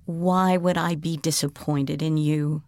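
A woman reads aloud as a kind, patient schoolteacher in a children's storybook, her voice pitched lower and softer, coaxing and a little sing-song. It sounds close and dry, with no room around it. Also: steady tone, slow pace, no echo. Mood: gentle. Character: kind gentle female schoolteacher, warm and patient. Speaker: teacher character.

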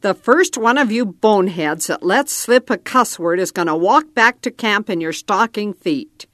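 A woman's voice: medium pitch, expressive, moderate pace, no echo, studio quality, close to an everyday voice. A woman voicing Red, a bossy cowboy leader. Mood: gruff. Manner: ordering, blunt.

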